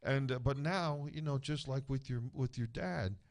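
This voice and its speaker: A man's voice: medium pitch, normal speed, vocal fry, a little mellow. A middle-aged man, a guest on a radio show, telling family stories in a rambling, casual way with many restarts.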